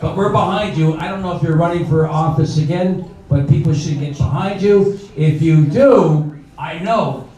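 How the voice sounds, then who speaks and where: A man's voice: fairly high pitch, normal speed, warm tone. An older man emceeing a live benefit show, chatting in a rambling way with many fillers. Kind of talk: live event hosting. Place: indoor bar venue. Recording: echoey room from far off with crowd noise.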